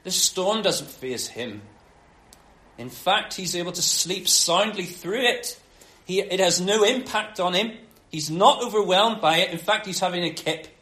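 High-voiced preacher, animated. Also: male voice, unhurried. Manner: animated storytelling with acted-out quotes. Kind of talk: sermon. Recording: roomy echo.

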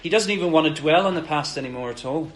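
A man's voice: on the high side, fast, poor audio. A man preaching a sermon in an earnest, conversational way, acting out quoted lines with animation.

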